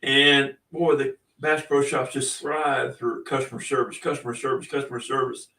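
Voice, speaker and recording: A man's voice: medium pitch, little pitch movement, moderate pace, bright, forceful tone, recorded from a distance. A middle-aged man hosting a podcast in a folksy, rambling, chatty way. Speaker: podcast host. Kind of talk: casual podcast monologue. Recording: echoey room, off-mic.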